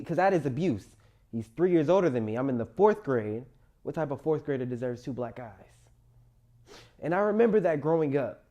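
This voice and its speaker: Young man, motivational storyteller, warm low-key timbre, emotional personal monologue. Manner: emotional, rises loud then drops quiet.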